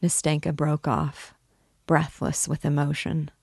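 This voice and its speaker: A woman's voice: low voice, level tone, creaky, a little mellow, husky, no echo, studio quality. A woman reading a classic novel aloud, voicing its characters with emotion. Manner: slow, emotive reading of dialogue. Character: Nastenka, tearful young woman. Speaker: reader. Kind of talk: literary audiobook reading.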